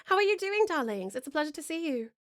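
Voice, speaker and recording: A woman's voice: high voice, very animated, fast, fairly bright tone, no echo, clean studio sound. A woman from Australia, a streamer and voice actor, chatting casually on a livestream, full of ums and calling viewers darling.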